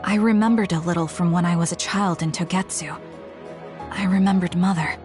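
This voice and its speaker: A woman playing a calm, reserved young woman. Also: on the low side, over music, close to an everyday voice. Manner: quiet, measured, reflective. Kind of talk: game cutscene voice acting.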